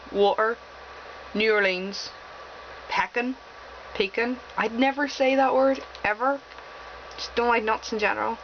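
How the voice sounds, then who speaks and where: A teenage girl with a Northern Irish accent that mixes Belfast and Fermanagh with a slight American tinge, chatting casually and wryly to camera as she reads out a word list and questions, with plenty of ums. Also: on the high side. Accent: Northern Irish, mix of Belfast and Fermanagh with a slight American tinge. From Northern Ireland. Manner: chatty and wry, with frequent ums. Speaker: vlogger. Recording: dull lo-fi webcam audio with faint room hiss.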